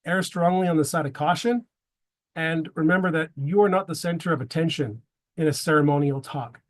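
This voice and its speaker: A man's voice: a little high, a little fast. A man giving a prepared presentation to a men's group, slipping wry dad jokes between his tips.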